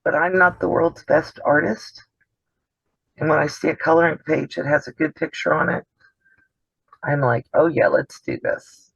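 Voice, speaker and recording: A man's voice: fairly high pitch, steady tone, moderate pace, creaky, fairly bright tone, breathy edge, no echo. A man hosting a casual sewing demonstration over a video call, chatty and explanatory, often trailing off mid-sentence. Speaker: host of a sewing channel. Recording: dull dry video call audio.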